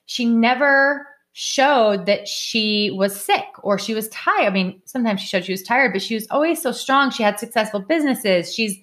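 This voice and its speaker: A woman's voice: a little high, moderate pace, hardly any pauses, a bit bright. A middle-aged woman hosts a casual podcast chat. She speaks in a candid, heartfelt way and repeats herself to drive a point home.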